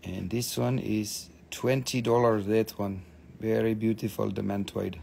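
A man hosting a live-stream mineral sale, gushing excitedly over each stone, swearing freely and calling out prices. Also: on the low side, measured pace, gravelly, a little hiss or hum. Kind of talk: live-stream sales chat.

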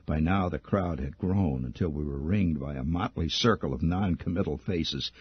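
Husky, deep-voiced male storyteller. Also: normal speed, no echo. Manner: wry, vividly expressive storytelling. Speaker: storyteller reading his own story. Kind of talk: dramatic first-person story reading. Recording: muffled dry old archive recording.

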